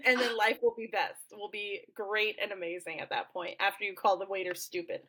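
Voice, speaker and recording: A woman's voice: mid-range voice, fairly even intonation, a little fast, a bit bright, slight background noise. A woman co-hosting a casual educational podcast, a former teacher who talks playfully with many fillers and frequent laughs. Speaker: podcast co-host.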